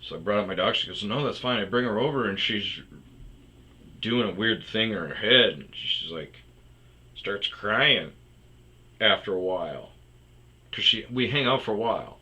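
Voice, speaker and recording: A man's voice: on the low side, lively intonation, moderate pace, long pauses, bright, forceful tone. A young man telling a rambling personal story as the host of a storytime show, blunt and profane, with frequent restarts. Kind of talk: casual comedic storytelling monologue.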